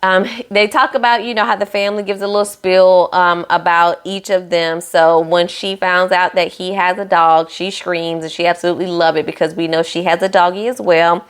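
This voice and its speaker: A woman's voice: fairly low pitch, flat delivery, moderate pace, hardly any pauses, smooth. A woman recapping a reality show in a chatty, sassy way, with playful asides to her viewers.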